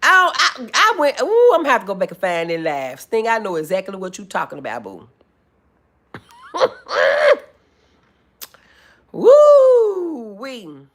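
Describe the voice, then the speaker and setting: A woman's voice: medium pitch, fairly quick. A woman hosting a casual livestream, chatting with viewers, reading comments aloud, laughing and whooping. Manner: animated, laughing, loud whoops, reads chat aloud. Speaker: livestream host.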